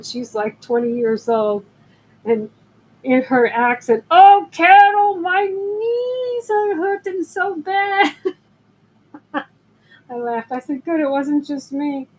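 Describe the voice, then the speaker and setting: An older woman talks slowly and casually on her live selling stream, her voice sitting a bit high. She rambles through stories between greeting viewers. A faint background noise runs under the recording. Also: dark tone, rough recording. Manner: chatty, rambling storyteller who greets viewers. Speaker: live-stream jewelry seller.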